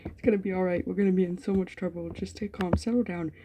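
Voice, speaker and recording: A woman's voice: on the low side, steady tone, fast talker, dark tone, slight background noise. A woman, a gaming YouTuber, reading a story game aloud with running commentary, giggling often and swearing freely. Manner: giggly, profane, frequent laughter.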